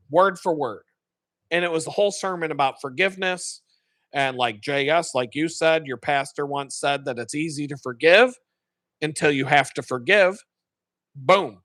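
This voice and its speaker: A man's voice: on the high side, fairly bright tone, dry recording. A man hosting a live stream, casually retelling a sermon in a rambling, profane way and correcting himself as he goes.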